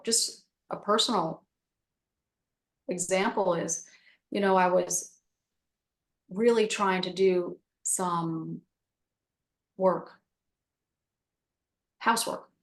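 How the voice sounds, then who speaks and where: A woman's voice: fairly low pitch, gravelly. A woman guest on a call giving a casual spiritual teaching, repeating her phrases and acting out little self-talk examples. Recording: roomy echo.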